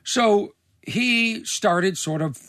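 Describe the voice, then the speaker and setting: A man in casual commentary, reacting to a reality show clip, animated and incredulous, sometimes putting on mocking impressions. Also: high voice, very slow, no room sound, clean studio sound.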